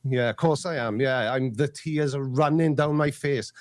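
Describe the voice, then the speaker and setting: A man's voice: medium pitch, normal speed, dry recording. A man with a Welsh accent, dry and sarcastic in a debate. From Wales. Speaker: co-host debater.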